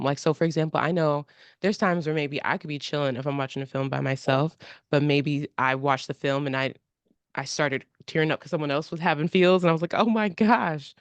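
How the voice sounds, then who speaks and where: A woman's voice: sits low, no echo, highs cut off. A woman co-hosting a casual podcast chat, asking questions in a chatty way with many fillers and frequent laughs.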